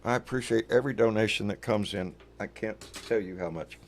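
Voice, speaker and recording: A man's voice: lowish voice, brisk, gravelly, a little hiss or hum. An older man hosting a casual livestream chat, rambling and folksy, swearing casually. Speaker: show host.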